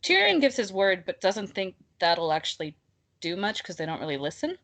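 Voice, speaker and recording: A woman co-hosting a casual book discussion podcast, talking in an animated, exasperated way and laughing often. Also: medium pitch, moderate pace. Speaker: podcast co-host.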